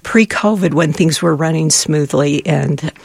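A middle-aged woman speaks earnestly and with feeling about her volunteer work. Her voice is gravelly and a bit husky. The recording is dry and close. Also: sits low, unhurried, darkish tone, no echo. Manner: earnest, emotional storytelling. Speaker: charity volunteer. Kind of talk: interview answers.

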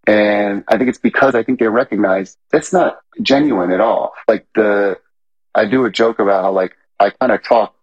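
Man, comedian guest, low husky voice, rambling; dull lo-fi audio. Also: normal speed. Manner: rambling, filler-heavy, self-correcting. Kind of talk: casual interview chat.

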